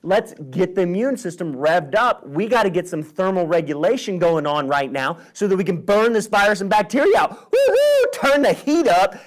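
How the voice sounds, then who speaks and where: A man voicing the human body as an excited male commander barking orders to fight off infection. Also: high-pitched, pitched above the performer's own voice, low-quality recording. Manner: shouting orders, hyped up.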